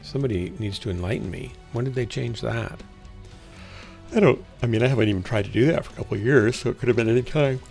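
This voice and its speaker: A man's voice: mid-range voice, quick pace, gravelly, a little mellow, soft background music. A man chatting casually to a small chat while playing a game on a livestream, rambling to himself and sometimes yawning. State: yawning, tired. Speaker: livestreaming gamer.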